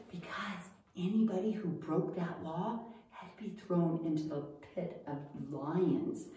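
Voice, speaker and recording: A woman's voice: mid-range voice, big pitch swings, measured pace, mellow. A woman teaching a children's Bible school lesson, telling the story animatedly to kids, in an echoey room with the mic far off.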